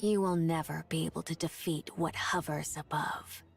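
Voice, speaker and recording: A low, deadpan Rapture advisor. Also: female voice, moderate pace, creaky, slightly rough, faint music behind, heavily acted. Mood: cool, probing. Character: calm, cryptic female Rapture advisor. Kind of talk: video game voice acting.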